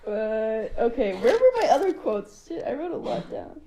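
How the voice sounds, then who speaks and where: Young woman co-host, higher voice, giggly, casual movie chat. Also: big pitch swings, moderate pace, dark tone, a little hiss or hum. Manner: giggly, laughs between lines. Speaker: podcast co-host.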